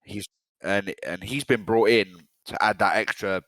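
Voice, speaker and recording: A man's voice: on the low side, steady tone, measured pace, fairly bright tone, dry recording. A young man from England, co-hosting a casual football podcast in a blunt, rambling, sweary way. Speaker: podcast co-host.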